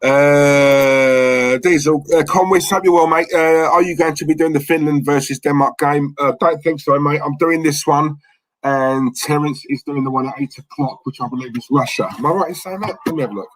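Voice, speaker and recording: Chatty young London bloke, dry sound. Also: male voice, fairly high pitch, moderate pace, no echo, low-quality recording. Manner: chatty, rambling, reads chat messages aloud. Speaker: watchalong host. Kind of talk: casual live-stream chat.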